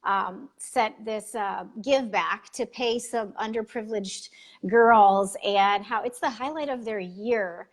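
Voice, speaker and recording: A woman hosting a casual chat, gushing with praise and often restarting her sentences. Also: mid-range voice. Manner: gushing, halting, many restarts. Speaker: podcast host.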